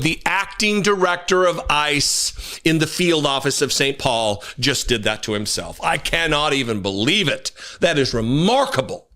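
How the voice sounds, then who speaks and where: Sarcastic male commentary host; high, bright, animated delivery. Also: measured pace, few pauses. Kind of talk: casual commentary.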